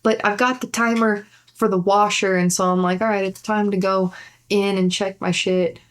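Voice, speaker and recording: Woman, comedian, casual podcast storytelling, laughs a lot, swears freely, mid pitch. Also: little pitch movement, moderate pace. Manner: acts out gestures while talking. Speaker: comedian guest.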